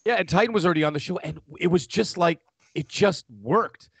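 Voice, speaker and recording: Loud, animated man telling a story. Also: high voice, brisk, vocal fry, slightly rough, no room sound. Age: middle-aged. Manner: animated, talks loudly with many restarts and laughs. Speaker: podcast guest. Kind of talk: casual storytelling on a podcast. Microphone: studio microphone.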